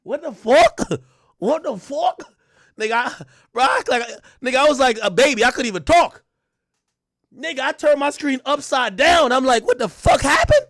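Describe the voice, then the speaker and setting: A man streaming live, telling stories loudly and animatedly, acting out quotes and laughing often. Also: very high-pitched, expressive, normal speed. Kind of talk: livestream commentary.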